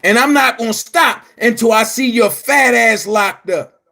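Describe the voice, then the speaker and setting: A man delivering a heated, profane rant to his viewers, shouting at times. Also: very high voice, unhurried, gravelly. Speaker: commentary vlogger. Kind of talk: angry rant to camera.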